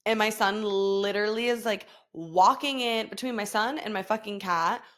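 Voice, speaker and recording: A woman's voice: mid-range voice, moderate pace, fairly bright tone. A woman, hosting a casual solo podcast, swearing freely, laughing often and mimicking her son. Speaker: podcast host.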